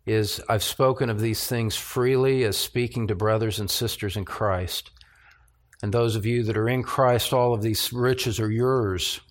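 A male pastor preaching in church, his voice at a middle pitch. He speaks in an earnest, measured way and rises into a plea at times. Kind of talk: Christmas Eve sermon and communion prayer.

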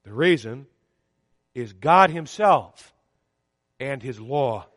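A man preaching a sermon in a church, with measured, emphatic delivery that swings up and down on key words. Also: mid-range voice, lively intonation, a bit bright, clean studio sound. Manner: emphatic, measured preaching with rising and falling stresses. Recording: long hall reverb.

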